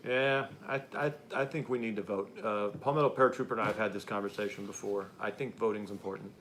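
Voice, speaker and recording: A man's voice: on the low side, steady tone, quick pace, fairly bright tone. Male livestream host, blunt and heated, faint hiss in the recording. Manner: blunt and heated, swears freely. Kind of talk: casual political chat reading chat comments.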